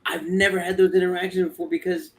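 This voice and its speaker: A man in relaxed group chat with a dry, teasing delivery. His voice sits a little high and bounces around in pitch. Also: quick pace, a crowd in the background. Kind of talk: casual chat.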